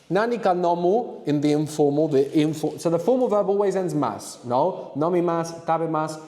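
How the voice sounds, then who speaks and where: A man's voice: on the high side, mellow, big-room sound. A man teaching a live language workshop, coaxing students with questions and asking them to think aloud. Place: classroom with students.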